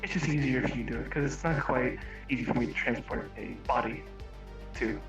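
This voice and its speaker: A man voicing a secretive corporate android through a robot voice filter, speaking calmly and in a businesslike way. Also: medium pitch, fairly quick, dull audio, soft background music.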